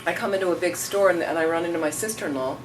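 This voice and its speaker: Woman Buddhist teacher, casual and rambling Q&A, low-ish voice, distant mic in a noisy room. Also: racing. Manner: rambling, storytelling, acts out quotes. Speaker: Buddhist teacher answering questions. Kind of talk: casual dharma talk.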